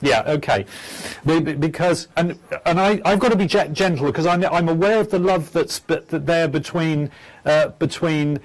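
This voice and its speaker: Male psychic host, gentle and stammering, slightly raised pitch. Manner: halting, stammering, gentle and soft-spoken. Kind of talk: live phone-in mediumship show.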